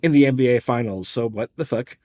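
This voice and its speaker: A man's voice: medium pitch, a little fast, a little mellow. A man co-hosting a podcast, explaining sports numbers in a wry, conversational, analytical way. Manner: wry, explanatory, numbers-heavy, drops casual profanity. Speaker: podcast co-host.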